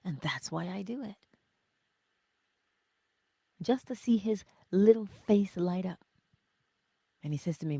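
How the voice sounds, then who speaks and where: A middle-aged woman hosting a casual spiritual livestream, chatting with viewers, telling stories and often dropping into soft whispers. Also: on the low side, lively intonation, a little slow, gravelly, long pauses, slightly rough, dry recording. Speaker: host of a morning livestream.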